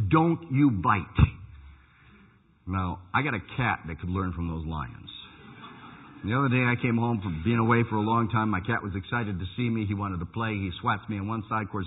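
Lively husky pastor telling bible stories, loud then hushed, sounds like a phone line. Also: male voice, medium pitch. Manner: animated storytelling, swings from loud to hushed. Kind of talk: sermon.

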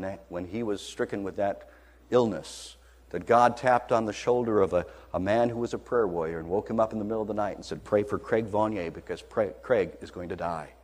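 A man preaching a sermon, telling a story dramatically, moving between hushed lines and loud, high passages. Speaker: pastor.

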